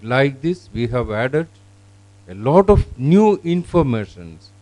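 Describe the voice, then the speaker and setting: Slow, mellow Indian-accented male presenter. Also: mid-range voice, big pitch swings, no echo, rough recording. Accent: Indian English. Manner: explanatory, with fillers and grammar slips. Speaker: company presenter. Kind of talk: product demonstration.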